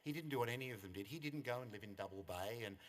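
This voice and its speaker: A man's voice: medium pitch, expressive, rapid-fire. Australian man giving a wry eulogy. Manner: wry, anecdotal storytelling. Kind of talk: funeral eulogy. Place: funeral service venue. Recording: long reverb of a service hall.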